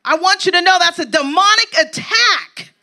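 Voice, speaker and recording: A woman's voice: extremely high pitch, lively intonation, normal speed, bright, forceful tone. A woman preaching a sermon to her congregation, rousing and emphatic, who keeps checking in with her listeners. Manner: lists items in an emphatic cadence.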